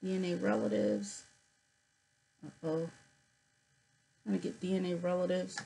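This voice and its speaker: A woman vlogging casually, reading figures off her screen with many fillers and pauses, her voice cutting in and out. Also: fairly low pitch, fairly even intonation, gravelly, warm tone, poor audio. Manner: reads figures aloud haltingly with many fillers. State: voice cuts in and out.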